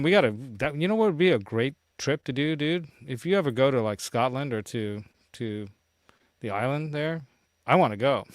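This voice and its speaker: A middle-aged man chats loosely on his livestream, rambling through fillers and breaking into chuckles. His voice sits at an ordinary pitch. The sound is close and dry. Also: dry recording. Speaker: show host. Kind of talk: casual livestream chat.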